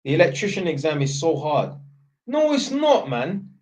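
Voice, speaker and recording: A man's voice: a little high, sing-song, normal speed, darkish tone. A young man chatting on a live stream, rambling and blunt, swearing freely. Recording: dull lo-fi sound.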